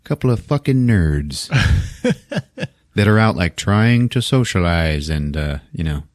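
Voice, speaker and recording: Animated, profane man retelling a film. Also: deep voice, a little slow, dry recording, studio quality. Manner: animated and profane, acts out the characters. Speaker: podcast host. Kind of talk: casual film recap.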